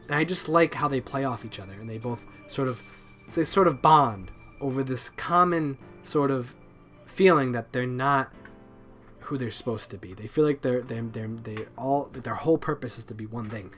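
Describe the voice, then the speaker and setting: A man giving a casual, rambling review of cartoon episodes, halting and repeating words, with lots of ums and likes. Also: medium pitch, a bit bright, faint music behind. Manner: loose and informal, swears offhand. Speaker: video reviewer.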